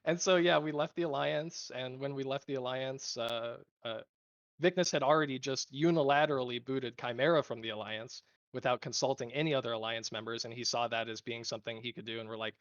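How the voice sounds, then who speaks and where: A man talks loosely about his gaming guild, rambling and cursing and acting out quoted arguments. His voice sits at an ordinary pitch. The sound is dull and lo-fi, with no room echo at all. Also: fast talker. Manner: rambling, swears freely, quotes others in animated bursts. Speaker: guild leader. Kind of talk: casual interview answers.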